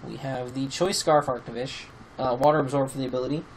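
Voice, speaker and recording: A man's voice: mid-range voice, steady tone, fast talker, a little hiss or hum, rough recording. Rambling man talking game teams. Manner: rambling, many fillers and restarts, swears casually. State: sleepy, yawning. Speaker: YouTube team-building host. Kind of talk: casual commentary over gameplay.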